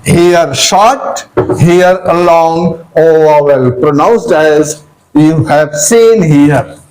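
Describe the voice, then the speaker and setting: A man gives a pronunciation lesson in a high, unhurried voice. He spells words letter by letter, repeats them, and fills pauses with "uh" and "okay, dear". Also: a little mellow, poor audio. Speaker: English teacher.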